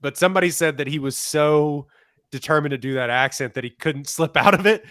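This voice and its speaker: A young man co-hosting a podcast and chatting casually in a gossipy, wry way. His voice is smooth and resonant. The sound is dry and close. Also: fairly high pitch, fairly quick, fairly bright tone, no room sound. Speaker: podcast co-host. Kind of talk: casual chat.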